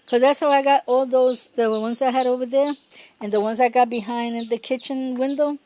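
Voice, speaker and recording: A woman talking her way through a casual garden vlog outdoors, chatty and rambling, laughing often and pausing to search for words. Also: sits high, fairly even intonation, mellow, slight background noise. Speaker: home gardener.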